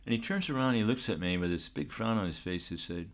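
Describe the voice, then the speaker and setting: An older man, a photographer, telling a story in a relaxed, rambling way, full of restarts and fillers. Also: deep voice, fairly quick. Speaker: photographer, guest.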